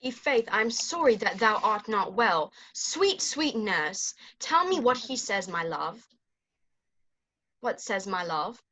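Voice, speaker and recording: A woman's voice: medium pitch, sing-song, slow pace, sharp tone, heavily acted, rough recording. A woman acting a young, impatient, lovesick Juliet in an amateur Shakespeare reading, pleading and delivering the verse eagerly over a video call. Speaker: actor in an online Shakespeare reading. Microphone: video call microphone.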